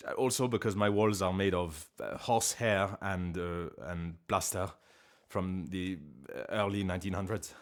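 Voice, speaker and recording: Here the streamer and voice actor sits low in pitch, with a steady tone, normal speed and few pauses. He's at home on a live stream, rambling in a fake French accent in English, playful and self-deprecating.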